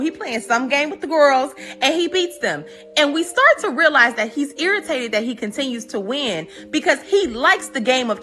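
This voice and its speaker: A woman host casually retelling a story, acting out the characters' lines with lots of energy. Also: high-pitched. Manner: animated, acts out the characters' lines. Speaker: live stream host.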